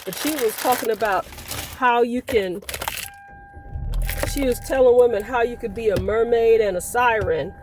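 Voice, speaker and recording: A woman's voice: on the high side, normal speed, long pauses, noisy background. Playful, chatty woman in her sixties. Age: 60s. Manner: chatty and playful, laughing and teasing. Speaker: vlogger. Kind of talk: casual storytelling to camera.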